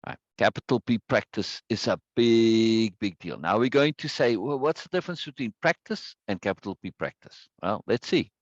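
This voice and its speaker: A man's voice: fairly low pitch, expressive, normal speed, hardly any pauses, dry recording, highs cut off. A man teaching a live online self-help course, stressing points by repeating words and reading viewers' chat aloud. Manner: greets viewers by name from chat.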